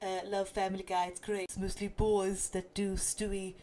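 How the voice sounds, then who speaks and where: A woman's voice: mid-range voice, level tone, moderate pace, warm tone. A young woman vlogging casually and playfully, slipping in and out of silly voices. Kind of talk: casual vlog chat.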